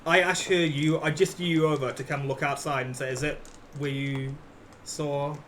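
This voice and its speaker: A man's voice: fairly high pitch, level tone, normal speed, fairly bright tone. A man playing a tabletop game, hesitant and repeating his words as he describes his character's actions. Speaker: player. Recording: noisy live stream audio.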